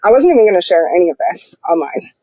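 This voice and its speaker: A young adult woman, a podcast guest, telling her personal story in a candid, animated way and acting out the quotes. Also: fairly low pitch, racing, no room sound, rough recording.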